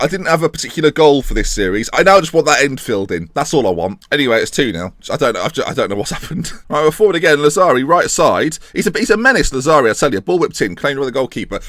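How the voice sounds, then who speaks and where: A man's voice: medium pitch, a bit bright, no echo, studio quality. A man giving jokey, rambling football-game commentary in the manner of a pundit. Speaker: gaming commentator. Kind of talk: casual Let's Play commentary.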